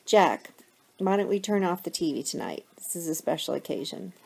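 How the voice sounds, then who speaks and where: A woman voicing a gentle, caring foster mother who speaks reassuringly, reading from a novel. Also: fairly low pitch, lively intonation, moderate pace, gravelly, breathy edge, heavily acted. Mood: tender.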